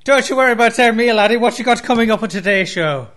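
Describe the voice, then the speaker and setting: A man putting on a crude mock-Irish accent as a brash loudmouth character. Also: very high voice, lively intonation, fast talker, pitched above the performer's own voice. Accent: put-on Irish. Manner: brash, calls others laddie.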